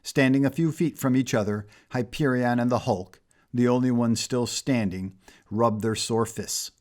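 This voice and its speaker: A man's voice: mid-range voice, moderate pace, a little mellow. Man narrating a superhero fan story.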